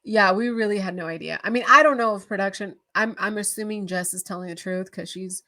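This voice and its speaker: A woman's voice: mid-range voice, a little fast, sharp tone. A young adult woman hosting a reaction show, chatting casually to camera in a bubbly, openly emotional way.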